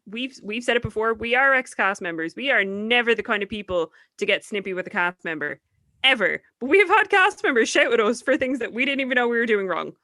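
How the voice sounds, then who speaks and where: A woman's voice: fairly high pitch, animated, fairly quick, sharp tone, no echo, clean studio sound. A young Irish woman co-hosting a podcast, talking in a blunt, emphatic and sweary way. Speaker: podcast co-host. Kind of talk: casual chat.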